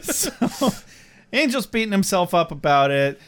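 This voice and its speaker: This man has a notably high voice and talks in a relaxed, chatty way. He co-hosts a podcast that recaps TV shows. He tells his stories with energy and laughs often between lines. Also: normal speed, clean tone. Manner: animated storyteller, laughs often, acts out quoted voices. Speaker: podcast co-host. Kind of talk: casual chat recapping a TV episode.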